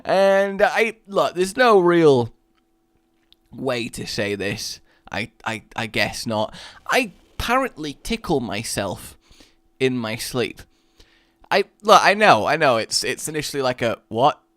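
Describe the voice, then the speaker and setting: A man giving casual let's-play commentary as a gaming YouTuber, rambling and self-mocking, breaking into excited yelps. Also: mid-range voice, slow, no echo, studio quality.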